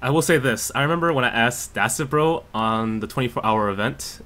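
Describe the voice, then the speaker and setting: A man hosting a casual gaming podcast, animated and quick to laugh as he reads viewer questions. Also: mid-range voice. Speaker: podcast host reading questions.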